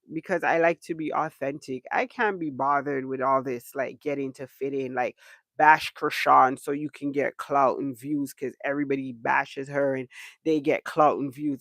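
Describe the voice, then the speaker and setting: Exasperated male streamer with a gravelly voice. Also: fairly high pitch, a bit bright, no room sound. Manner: exasperated, emphatic, repeats himself for effect. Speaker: livestream host. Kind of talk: casual livestream rant.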